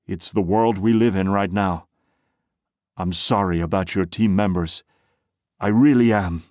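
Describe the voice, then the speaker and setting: A man's voice: deep voice, measured pace, darkish tone, no room sound, studio quality. A man voicing a weary police chief who speaks firmly and bluntly. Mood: grim. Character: tired, blunt middle-aged police chief. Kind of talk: audiobook character voice.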